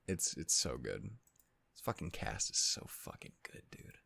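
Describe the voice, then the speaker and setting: A man's voice: very deep voice, sing-song, a little slow, creaky, bright, forceful tone, no echo. A man hosting an anime reaction channel, chatting casually to viewers in a rambling, self-deprecating way. He swears a lot and keeps getting sidetracked. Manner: easily sidetracked, loses his train of thought. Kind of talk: casual wrap-up chat to viewers.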